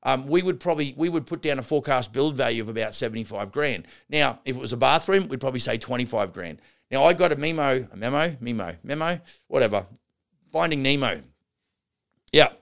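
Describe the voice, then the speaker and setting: This man's mid-range voice is gravelly, with lively intonation and a fairly quick pace. As a podcast host and renovation business coach, he gives contractors casual, rambling instruction with frequent restarts and asides, calling them guys and gals.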